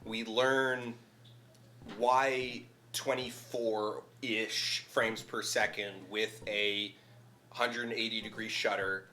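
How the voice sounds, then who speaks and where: A man's voice: fairly low pitch, flat delivery, slow pace, bright, forceful tone, slight background noise. A man guesting on a casual charity stream chat, explaining ideas thoughtfully and at length with many "like" fillers. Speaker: guest video essayist.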